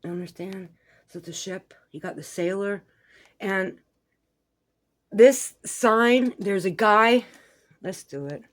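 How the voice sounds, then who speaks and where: A woman's voice: medium pitch, slow pace, pauses often, a bit bright. A woman giving rambling, conspiratorial commentary over a video as a vlogger. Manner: rambling, conspiratorial, swears casually.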